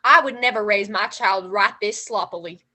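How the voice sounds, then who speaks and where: A woman's voice: medium pitch, normal speed, bright, forceful tone. A woman doing improv comedy, playing a gossipy Southern woman out for a girls' day with folksy, gushing talk. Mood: chatty. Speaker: improv performer.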